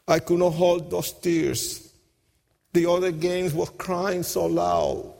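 A man giving an emotional testimony sermon, impassioned, swinging between hushed and shouted lines, with nonstandard grammar. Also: high-pitched, big pitch swings, slow, gravelly. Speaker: preacher giving his testimony. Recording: long hall reverb.

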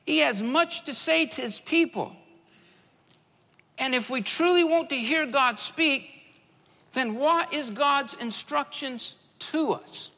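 High voiced preacher guy, kinda gravelly, punchy repeats, long echo from the hall. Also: takes it slowly, pushed and bright. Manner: emphatic, repeats key phrases for stress. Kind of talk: sermon.

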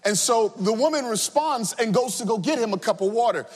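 A man with a notably high voice reads a scripture passage and moves into a sermon. He speaks earnestly and deliberately, circling back over his words as he works toward his point. A long reverb hangs on the recording. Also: lively intonation. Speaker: preacher.

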